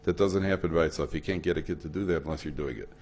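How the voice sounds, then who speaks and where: At a memorial event in a hall, a rabbi talks to an audience in a racing, darkish voice, keeping the lecture conversational. He tells stories and acts out the people in them with big pitch swings, sprinkling Hebrew and Yiddish terms throughout.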